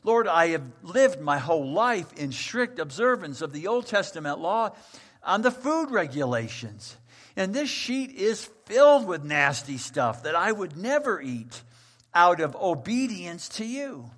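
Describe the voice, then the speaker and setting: A protesting, bewildered disciple, as a preacher puts him on. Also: male voice, on the high side, lively intonation, a little slow, vocal fry, fairly bright tone, breathy edge, heavily acted. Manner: exasperated, incredulous pleading.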